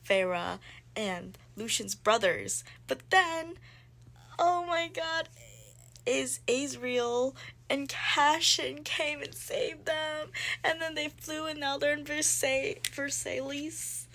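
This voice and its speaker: A young woman recapping a book she is reading, gushing and excitable and peppering her talk with "like". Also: sits high, slow. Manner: gushing, excitable, heavy use of "like". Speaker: book vlogger. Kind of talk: casual chat recapping a book.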